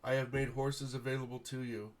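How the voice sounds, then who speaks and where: A man's voice: mid-range voice, little pitch movement, a little fast, close to an everyday voice. Man acting as a stately, grateful baron. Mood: grateful, formal. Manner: formal, stately court speech. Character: gracious noble male baron addressing heroes.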